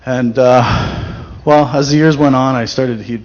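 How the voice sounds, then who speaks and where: A man's voice: mid-range voice, steady tone, a little slow. A man giving a casual personal testimony at a church event, talking conversationally with many fillers and restarts. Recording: dull lo-fi recording with faint noise.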